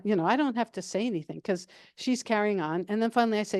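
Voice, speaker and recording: Calm, mellow older woman. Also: medium pitch, quick pace, dry recording. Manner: calm, level, chatty with many fillers. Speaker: guest speaker. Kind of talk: casual Q&A answers.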